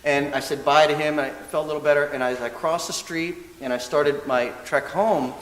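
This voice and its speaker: A man serving as a minister's assistant gives a dharma talk, telling a story in a lively, self-mocking way and acting out what people said. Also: on the high side, a little fast. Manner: lively, self-mocking storyteller who often laughs and acts out quotes. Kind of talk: storytelling sermon. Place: church hall. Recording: echoey hall with faint hiss.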